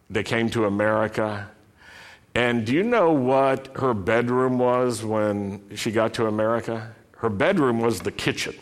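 A middle-aged man preaching a sermon to his congregation, asking rhetorical questions and telling family stories in a conversational way. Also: mid-range voice. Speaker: pastor.

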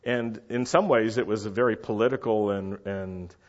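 Middle-aged man, low-pitched and chatty, storytelling with a casual, animated delivery. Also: normal speed. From United States. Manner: animated, chatty, asks listeners to follow along. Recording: dull lo-fi recording.

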